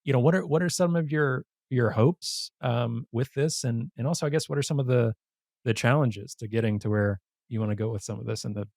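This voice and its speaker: A man's voice: mid-range voice, creaky, darkish tone, no room sound. Upbeat podcast host man, dry sound. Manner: enthusiastic, giggly, quick to laugh. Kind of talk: casual interview chat.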